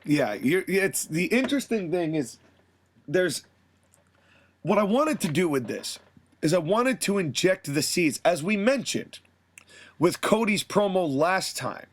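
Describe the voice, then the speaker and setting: Brief: male podcast host, high voice, animated storyteller. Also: unhurried. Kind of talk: fantasy booking narration and chat.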